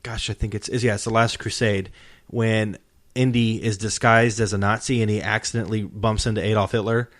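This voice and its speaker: A man with a lowish voice hosts a relaxed podcast chat, retelling scenes in a sincere, meandering way. His voice is recorded close and dry, with no room sound around it. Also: a little fast, no room sound. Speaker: podcast host. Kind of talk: casual chat.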